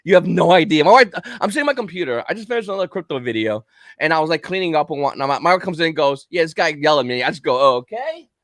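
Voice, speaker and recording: A man telling a story in casual chat on a livestream, acting out the quotes in an animated way. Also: on the high side, racing, no echo, clean studio sound. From Kentucky. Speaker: livestream guest.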